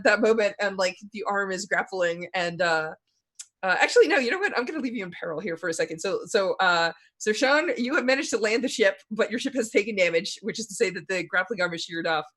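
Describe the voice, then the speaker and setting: A game master narrating a tabletop role-playing game, talking in halting bursts with frequent restarts and little laughs. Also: mid-range voice, fairly bright tone.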